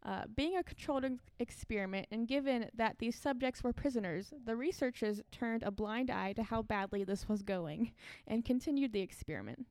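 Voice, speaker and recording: A woman with a fairly high voice reads a creepy story to her podcast co-hosts, breaking into laughs and fillers as she goes. The sound is dry and close, with no room around it. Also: brisk, few pauses, a little mellow, no room sound. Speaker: podcast co-host reading the story. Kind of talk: casual podcast chat, reading aloud.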